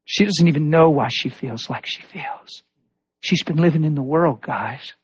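Husky preacher telling stories animatedly. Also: male voice, on the high side, moderate pace. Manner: animated storytelling with voiced quotes. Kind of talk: sermon. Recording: dull lo-fi recording.

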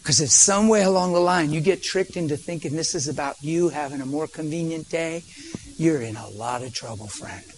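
A man preaching, telling a story with vocal sound effects and sometimes dropping to a soft near-whisper. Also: fairly high pitch, normal speed, slight background noise. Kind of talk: storytelling sermon.

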